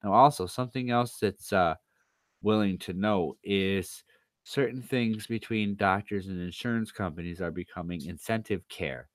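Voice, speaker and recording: A man's voice: sits low, moderate pace, no echo. A man livestreaming, ranting in a casual, profane and sarcastic way, sounding tired.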